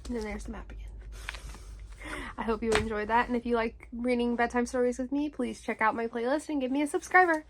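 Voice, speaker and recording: A woman in her twenties reading a bedtime story aloud in a soft narrating manner. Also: on the high side, steady tone, a little fast, noisy background. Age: 20s.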